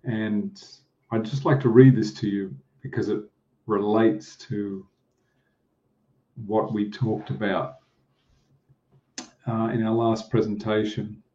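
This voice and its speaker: Slow, mellow-voiced man preaching. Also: lowish voice, steady tone. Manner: slow, halting delivery with pauses and fillers. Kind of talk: slow, deliberate sermon with prayer. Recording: dull, muffled lo-fi sound.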